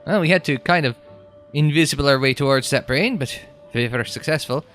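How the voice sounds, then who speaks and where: A man's voice: mid-range voice, a little fast, a bit bright, faint music behind. A young man giving casual, joking let's-play commentary, sarcastic and rambling. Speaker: game commentator.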